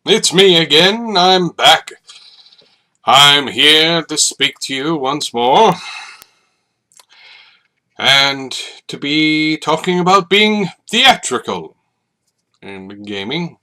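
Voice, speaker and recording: A man's voice: on the high side, animated, very slow, pauses often, bright, forceful tone. A man hosting a solo podcast, rambling reflectively with many fillers and restarts. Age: adult, over 30. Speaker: podcast host. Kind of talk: casual solo monologue.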